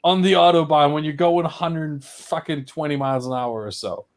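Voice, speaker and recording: A man's voice: a little high, moderate pace. A man from Germany hosts a casual stream, reading chat questions aloud, laughing often and swearing freely. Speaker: streamer host.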